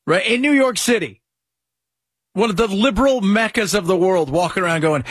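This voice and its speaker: A man hosting a commentary show, reacting to clips with sarcastic, mocking remarks and loud laughs. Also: sits high, big pitch swings, fairly quick, no echo. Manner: mocking, laughs loudly at his own jokes.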